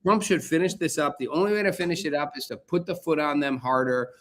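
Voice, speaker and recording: A man's voice: a little high, quick pace, slight background noise. A man hosting a political talk show, arguing his point emphatically and repeating key phrases for force. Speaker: show host.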